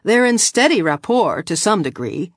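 A woman's voice: mid-range voice, big pitch swings, normal speed, no room sound, clean studio sound. A woman doing an earnest arguing alien colonist.

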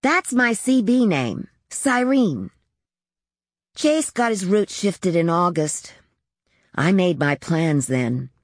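Speaking slowly in a lowish, exaggerated voice with big pitch swings, a woman narrates an audiobook as a small-town teen girl dreaming of trucking. The studio-quality audio has no room sound, and her tone stays blunt, chatty and matter-of-fact.

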